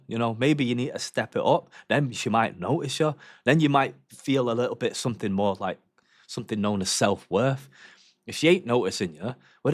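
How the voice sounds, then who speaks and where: A man's voice: medium pitch, no echo, studio quality. A young man, chatting casually on a livestream while reacting to videos, rambling and swearing in slang.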